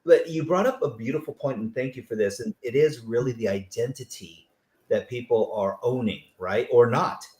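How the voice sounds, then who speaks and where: A man hosting an interview, telling stories in an animated way and acting out the people he quotes. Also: medium pitch, normal speed, roomy sound. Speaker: host. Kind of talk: conversational interview.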